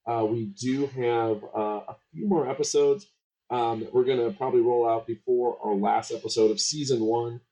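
A man hosting a podcast, chatting casually with his guest, relaxed and heavy on filler words. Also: mid-range voice, moderate pace, poor audio. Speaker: podcast host. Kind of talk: casual interview chat.

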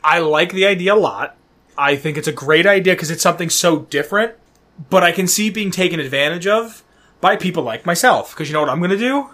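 Man, high voice, podcast co-host, crude and jokey banter. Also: fairly quick. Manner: profane, joking, animated. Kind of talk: casual gaming podcast chat.

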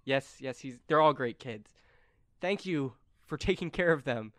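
A man's voice: mid-range voice, animated, a little slow, a bit bright, no room sound, clean studio sound. A man voicing a flustered, kindly woman camp counselor. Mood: grateful.

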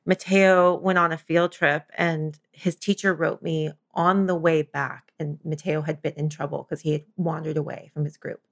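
A woman co-hosting a casual chat, telling animated stories about her kids and laughing often. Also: low voice, normal speed, gravelly, hardly any pauses.

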